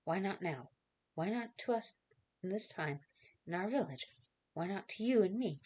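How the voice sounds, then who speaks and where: A woman reading aloud as a frightened young girl, halting and pleading, in a dramatic reading of a novel. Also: mid-range voice, animated, darkish tone, breathy edge. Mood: anxious.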